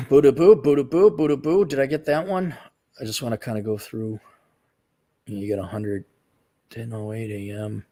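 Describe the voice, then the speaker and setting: A man's voice: lowish voice, normal speed, pauses often, dark tone. A man hosting a casual livestream, reading out viewer donations and giving blunt, rambling opinions with frequent restarts.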